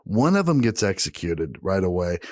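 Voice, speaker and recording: Low-voiced man telling a wild family story. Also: normal speed, dry recording, clean studio sound. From Eastern Kentucky family roots. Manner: profane, animated, acts out quoted voices. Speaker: podcast host. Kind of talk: casual storytelling.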